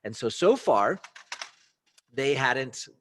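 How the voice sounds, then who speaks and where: A man hosting a talk show, casually retelling a story and acting out the haggling back and forth with lively asides. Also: medium pitch, slow pace, slight background noise. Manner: animated storytelling, acts out buyer and seller dialogue; frequent fillers and restarts, conversational asides. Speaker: podcast host.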